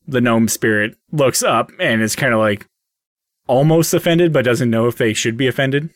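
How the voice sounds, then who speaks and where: A man narrating a tabletop game as dungeon master, casual and halting with fillers. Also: medium pitch, dry recording, clean studio sound.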